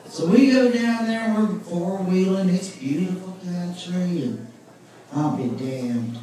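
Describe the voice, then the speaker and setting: A woman doing a stand-up comedy set on a club stage, telling self-mocking stories in a chatty way. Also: fairly low pitch. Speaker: stand-up comic. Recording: distant, very echoey club recording with crowd. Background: audience laughter.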